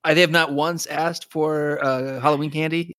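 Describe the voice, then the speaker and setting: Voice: medium pitch, fairly even intonation, moderate pace, fairly bright tone, no room sound, clean studio sound. A co-host in a casual chat, dropping joking asides and laughing along. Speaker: podcast co-host.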